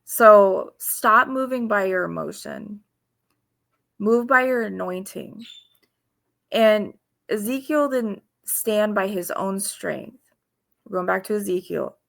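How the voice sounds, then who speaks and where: A woman giving informal devotional teaching in an earnest, halting way, with pauses and restarts. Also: medium pitch, gravelly, a bit bright. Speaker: faith video host.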